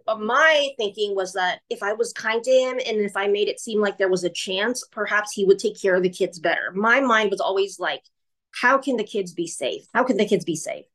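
A woman telling her personal story in a candid, emotional way, speaking quickly and acting out the voices of the people she quotes. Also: mid-range voice, fairly bright tone, rough recording. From California.

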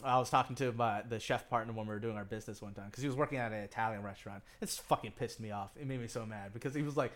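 Rapid-fire and barely pausing, this young man's mid-range voice carries a rambling cooking story on the casual podcast he co-hosts. He swears freely and keeps laughing as he gets worked up.

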